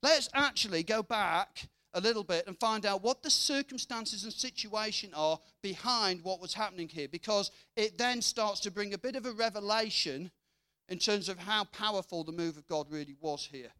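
A man's voice: sits high, moderate pace, pushed and bright, smooth. A man preaching a sermon, reading scripture and then chatting through the story, acting out the voices of its characters. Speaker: guest preacher.

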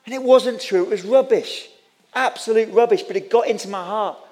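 Brief: male preacher, high-ish voice, impassioned sermon, repetitive and stammering. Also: a little fast, a little mellow. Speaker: pastor.

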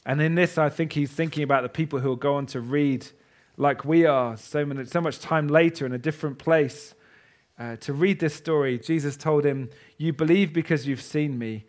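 A man preaching a sermon to a congregation in a church. He talks with passion, swinging between loud declarations and hushed asides. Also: fairly high pitch, steady tone, normal speed.

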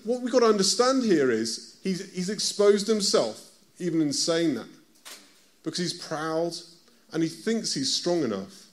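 A man's voice: high-pitched, expressive, a little slow. A man with a British accent preaching a conversational sermon, often stopping to ask his listeners direct questions. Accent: British English.

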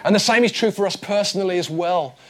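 A man in his forties preaching, his voice sitting a little higher than most men's. He talks to the congregation in an earnest, conversational way and slips in light humor. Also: fast, a bit bright. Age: 40s. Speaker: pastor. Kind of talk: sermon.

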